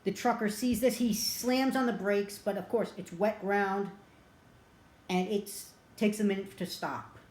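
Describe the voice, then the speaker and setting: A woman's voice: mid-range voice, steady tone, measured pace, a little mellow. A woman casually retelling a movie plot as a reviewer, rambling and chatty with plenty of filler words. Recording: roomy echo.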